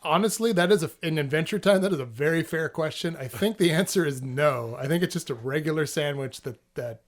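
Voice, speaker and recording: Animated man retelling a cartoon. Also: fairly high pitch, a little fast. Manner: animated, acts out character voices while retelling. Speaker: podcast co-host. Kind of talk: casual chat.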